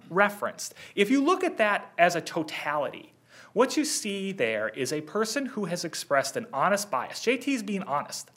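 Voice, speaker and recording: A man pleads his case before an appeals bench, a touch higher than most men and bright in tone. He talks earnestly and presses each point, quickening when he rebuts a question. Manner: earnest, persistent, fast-talking rebuttals. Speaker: defense attorney. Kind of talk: appellate oral argument.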